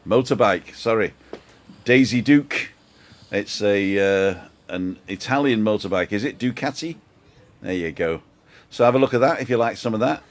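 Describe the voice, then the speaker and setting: A man hosting a casual live-stream chat, jokey and chatty, reading out viewer comments. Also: medium pitch. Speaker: host.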